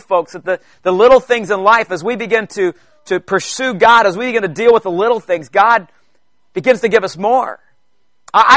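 High, bright-voiced male preacher. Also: no echo. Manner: chatty, halting restarts, joking asides to the congregation. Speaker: preacher giving testimony. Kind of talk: conversational sermon testimony. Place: church.

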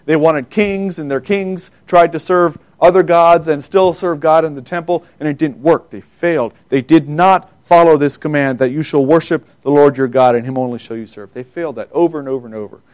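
Emphatic man preaching a sermon. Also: fairly high pitch. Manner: emphatic, rising for quoted scripture; pauses and self-corrects, loses place in notes.

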